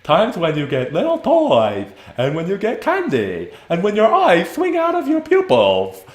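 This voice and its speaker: A man's voice: high-pitched, huge pitch swings, unhurried, reverberant, full character voice. A man voicing an evil male living Christmas present who speaks manically, with a cackle. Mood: manic.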